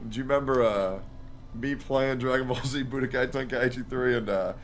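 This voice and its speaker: A man's voice: mid-range voice, a little fast, crowd noise. A man chatting casually with a friend, reminiscing and joking about old times. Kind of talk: casual chat.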